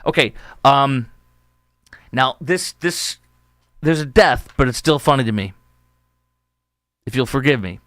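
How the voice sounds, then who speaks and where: Slightly slow and prone to frequent pauses, a mid-range male voice carries this opinion talk show monologue with no echo. The speaker, a middle-aged podcast host from around Chicago, tells news stories in a chatty, lively way, acting out the quotes.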